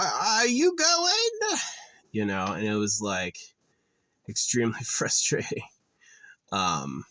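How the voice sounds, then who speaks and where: A man's voice: lowish voice, fairly bright tone, dry recording. A man vlogging in a casual, rambling rant, swearing often and sounding exasperated. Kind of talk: casual ranting monologue.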